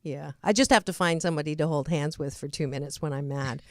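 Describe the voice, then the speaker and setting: A woman's voice: low-pitched, fast talker, darkish tone, no echo, clean studio sound. A middle-aged woman hosting a radio interview, chatty, laughing at herself and restarting sentences. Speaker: host.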